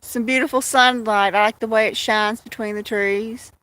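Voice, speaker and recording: A woman chats in a rambling way to her cats and viewers on a casual phone livestream as she walks outdoors with kittens toward a field. Her slightly high voice is a bit bright, with fairly even intonation at normal speed, and there's no room sound.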